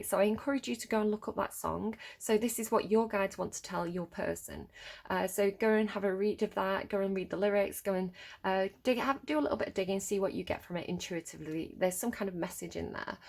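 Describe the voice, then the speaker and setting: Hyper, gravelly-voiced woman tarot reader. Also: mid-range voice. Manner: chatty, rambling, filler-heavy; hyper and giddy. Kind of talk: casual intuitive tarot reading. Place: at home.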